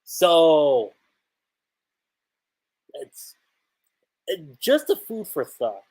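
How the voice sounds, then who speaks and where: A man hosts a relaxed livestream, reviewing a new manga chapter and thinking aloud as he goes. His voice is a bit husky, and his pitch swings up and down as he talks. He stops and restarts often, and he laughs along the way. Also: drawn-out words, rough recording.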